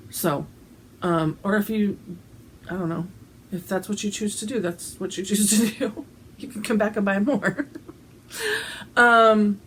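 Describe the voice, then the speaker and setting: A woman's voice: mid-range voice, a little hiss or hum, low-quality recording. A woman chatting casually to camera about her shirts, giggly, with plenty of ums and restarts. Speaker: cross-stitch vlogger selling shirts.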